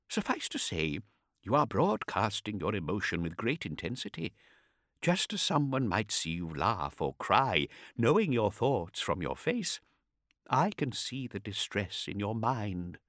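A solemn old astropath with a quiet, unhurried voice, as a male narrator puts him on. He talks with courtly care, slow and hushed, swooping from low murmurs into higher, strained notes. It is a storybook figure, dry and close. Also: big pitch swings, no room sound, heavily acted. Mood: measured. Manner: slow, soft and measured, courtly.

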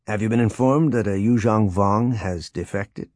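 A man voicing a calm male warrior-monk who speaks in a measured way. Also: on the low side, no echo, studio quality, close to an everyday voice.

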